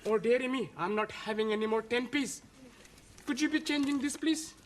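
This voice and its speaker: An actor playing an eager, stubborn foreign student who speaks broken, formal English with odd -ing verb forms. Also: male voice, very high-pitched, normal speed, a little hiss or hum. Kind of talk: sitcom acting.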